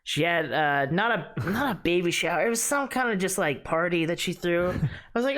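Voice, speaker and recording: A man's voice: high voice, animated, moderate pace, a bit bright. Cursing man ranting on a podcast. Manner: profane, ranting anecdotes. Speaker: podcast co-host. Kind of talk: casual chat.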